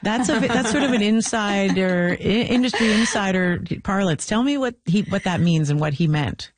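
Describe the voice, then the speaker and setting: A woman's voice: medium pitch, normal speed. A woman hosting an interview, asking friendly, curious questions in a conversational way. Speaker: interviewer, host.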